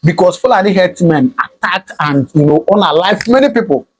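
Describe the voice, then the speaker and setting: A man's voice: high-pitched, animated, fairly quick. A man with a Nigerian accent hosting his own political commentary video, talking in an impassioned, emphatic way and slipping into pidgin phrases. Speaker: channel host.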